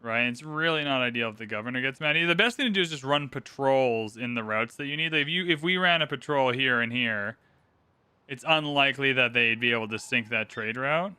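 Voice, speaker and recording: A man's voice: mid-range voice, brisk, bright, forceful tone, clear, resonant tone, no echo. A man hosting a gaming channel, talking through a strategy game in casual, upbeat commentary and explaining his moves as he plays.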